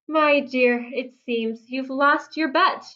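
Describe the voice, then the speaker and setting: A woman voicing a sensible mother bear who gives brisk rhyming instructions in a storybook read-aloud. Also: sits high, pushed and bright, highs cut off, exaggerated voice. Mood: coaxing.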